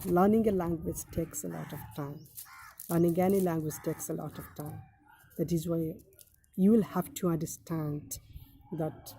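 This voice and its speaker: Slow, gravelly low-voiced woman teacher. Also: warm tone, a little hiss or hum. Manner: deliberate, repeats key phrases, many "now" openers. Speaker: English teacher. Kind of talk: instructional talk giving study tips.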